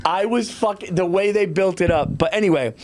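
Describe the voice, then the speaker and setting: A middle-aged man with a somewhat high speaking voice hosts a relaxed podcast chat. He tells stories with lots of energy. He breaks into squeaky impressions of other people as he goes. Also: brisk. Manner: animated storyteller who jumps into high-pitched impressions. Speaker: podcast host. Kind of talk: casual chat.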